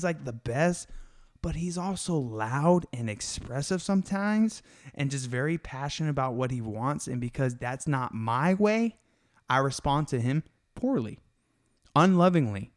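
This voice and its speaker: A man's voice: medium pitch, lively intonation, measured pace. A man hosting a casual faith podcast, talking in an earnest, confessional way, full of slang and emphatic asides. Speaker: podcast host.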